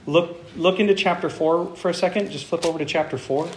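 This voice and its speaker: A man's voice: fairly high pitch, a little fast, a little hiss or hum. A man preaching a sermon as pastor in a church, engaging and quizzing his congregation with questions. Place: church sanctuary. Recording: echoey room.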